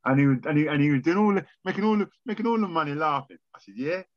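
A man tells old war stories from his music days as a podcast guest. He is animated and blunt, swears freely and slips into the voices of people he talks about. The sound is dry and a little dull, with no room around it. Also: a little high, racing, no echo. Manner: lively storyteller, swears freely, acts out conversations. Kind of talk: animated storytelling interview.

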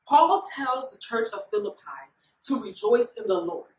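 A woman's voice: medium pitch, big pitch swings, normal speed. A woman minister leading a Bible study in an informal, conversational way, often checking in with her listeners. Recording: echoey room, voice far from mic.

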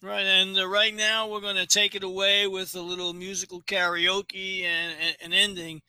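A man's voice: high-pitched, flat delivery, normal speed, sharp tone, clear, resonant tone, no room sound, low-quality recording. A man hosting a casual show, agreeing with his co-host and signing off for the night. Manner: affirming, wraps up the show.

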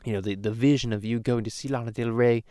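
A man's voice: mid-range voice, fairly even intonation, quick pace, dark tone, no echo, clean studio sound, close to an everyday voice. A man playing a crude cartoon baby boy in a parody podcast, rambling through stories with lots of swearing and restarts. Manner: rambling storyteller, swears a lot, many restarts. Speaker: podcast host. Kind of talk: casual parody podcast chat.

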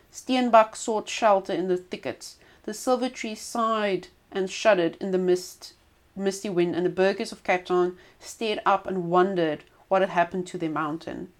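A woman reading a folk tale aloud as storyteller, expressive with small stumbles and restarts. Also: medium pitch.

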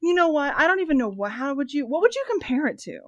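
A woman's voice: sits high, sing-song, quick pace, a bit bright, no room sound. A woman in her thirties chatting casually on a podcast, rambling with lots of fillers and swearing freely. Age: 30s. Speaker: podcast co-host. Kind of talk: casual movie recap chat.

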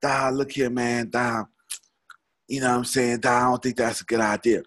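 A man imitating his laid-back cousin, a man almost fifty, in a low-key mumbling drawl. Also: steady tone, moderate pace, fairly bright tone, lightly acted.

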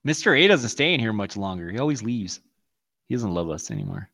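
A man's voice: fairly low pitch, big pitch swings, fairly quick, fairly bright tone. Profane, laughing man on a call. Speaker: podcast co-host. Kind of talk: casual chat. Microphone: video call.

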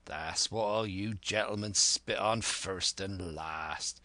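Long John Silver, a man reading as a gruff pirate. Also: sits low, slow pace, sharp tone, no room sound, exaggerated voice. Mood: scornful. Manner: gruff, persuasive, old seafaring dialect. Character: scheming one-legged pirate cook, older man.

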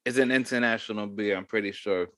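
A man's voice: fairly low pitch, fast, a bit bright, no room sound. A man co-hosting a casual podcast, giving brief laid-back replies. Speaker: podcast co-host.

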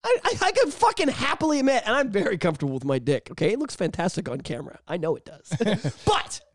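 A man's voice: high-pitched, fast, no echo. A man co-hosting a podcast in casual, profane chat, laughing often. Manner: profane, animated, laughing a lot. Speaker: podcast co-host.

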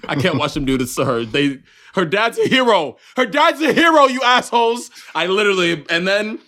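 A young man co-hosting a podcast in casual chat, animated and profane, acting out his own reactions as he talks. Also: high voice, brisk. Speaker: podcast co-host.

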